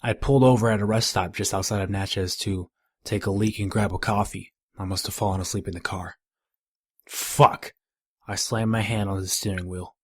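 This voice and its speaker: A man reading a first-person horror story in a measured, grim storytelling manner. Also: fairly low pitch, no room sound, clean studio sound. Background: faint music.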